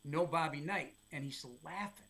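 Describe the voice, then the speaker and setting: A middle-aged man, a sports play-by-play announcer, telling stories as a guest in casual podcast chat. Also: on the high side. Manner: lively storyteller, quick asides.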